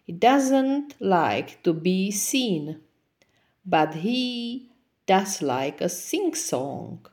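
A woman playing a sly old female snake in a children's story, hissing and coaxing. The voice is slightly raised from the reader's own and is drawn out slowly, with lively ups and downs. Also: medium pitch. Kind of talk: storybook character voice.

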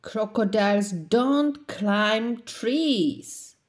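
A woman with a medium-pitched voice reads a storybook aloud, stretching her words and pushing her voice up. She plays a young boy crocodile who worries and gets embarrassed, whining and fussing in an alarmed mood.

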